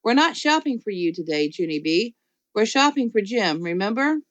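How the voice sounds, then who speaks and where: A woman voicing a patient, no-nonsense mother in an audiobook, calm and quiet. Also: mid-range voice, normal speed, no room sound, highs cut off, close to an everyday voice. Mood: firm. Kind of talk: audiobook character voice.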